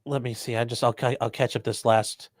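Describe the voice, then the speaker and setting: A man's voice: mid-range voice, flat delivery, no echo, studio quality. A man hosting a livestream, chatting casually and reading out viewer messages, often stumbling over his words. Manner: halting, repeats words, reads super chats aloud. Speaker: livestream host.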